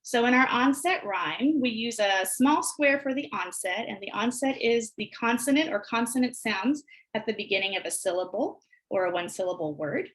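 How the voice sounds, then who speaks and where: A woman's voice: fairly high pitch, expressive, fairly bright tone, poor audio. Woman teacher modeling early reading steps. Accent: American. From United States. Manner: patient, modeling words slowly for children. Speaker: teacher presenter. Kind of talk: instructional webinar walkthrough.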